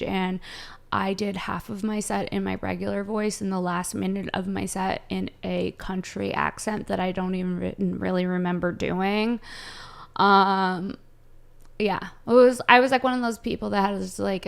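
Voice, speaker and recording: A young woman comedian from Southern California, chatting casually and ranting in a brash, profane way with sudden loud jumps. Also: medium pitch, vocal fry. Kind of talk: casual chat, answering viewer questions.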